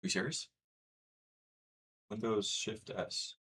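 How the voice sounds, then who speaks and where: A man's voice: lowish voice, fairly even intonation, slow, bright, forceful tone, breathy edge. A young man from the United States chatting casually with his livestream chat, rambling and reading messages aloud. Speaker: streamer.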